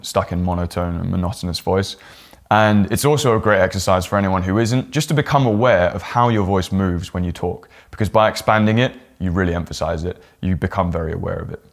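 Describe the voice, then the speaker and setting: A young man with a fairly low voice coaches his viewers straight to camera. He talks in a casual, friendly teaching way and now and then slips into broad, swooping demonstrations of his own intonation. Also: a little fast. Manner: demonstrates exaggerated pitch swings and rising or falling inflection. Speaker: presentation coach. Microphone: talking straight to camera.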